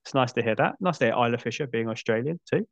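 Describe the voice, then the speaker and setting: A man's voice: medium pitch, animated, fast talker, gravelly, dry recording, muffled recording. A middle-aged man hosting a casual film chat, thinking aloud and restarting his sentences. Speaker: podcast host.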